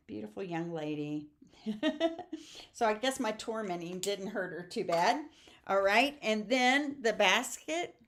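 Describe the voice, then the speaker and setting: A woman's voice: medium pitch, measured pace. Chatty older woman teaching crafts. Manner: chatty, homey, sings snippets and laughs. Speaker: crafting class host. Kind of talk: casual craft demonstration.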